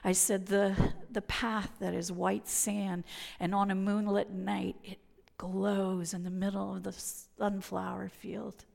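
A woman preaching a sermon and telling personal stories, swinging from loud emphatic lines down to near whispers. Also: medium pitch, level tone, slow, vocal fry. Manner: dramatic shifts from loud to whispered. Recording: long reverb of a hall.

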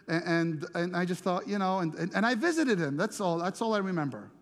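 A man's voice: high-pitched, expressive, brisk, in a large hall. A middle-aged man preaching as a pastor, telling a story in a conversational way, often repeating words as he searches for them. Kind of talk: storytelling sermon.

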